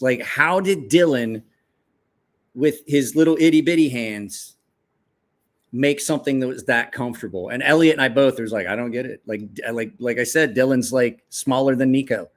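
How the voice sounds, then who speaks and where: Male knife reviewer, mid-range voice, casual and excitable, swears a lot, rambles with restarts. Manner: excitable, swears freely, jumps up in pitch when quoting himself. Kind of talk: casual show-and-tell chat.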